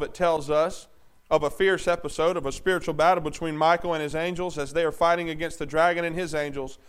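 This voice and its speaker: A man preaching a sermon, asking the congregation questions and swinging between loud bursts and low, intense talk. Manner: emphatic, call-and-response questions to the congregation.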